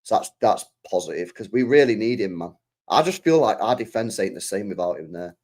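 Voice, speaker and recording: Fired-up young football fan. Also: male voice, on the low side, lively intonation, fairly quick, a little mellow. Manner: passionate, swearing, repeats his points. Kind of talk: casual live-stream reaction chat.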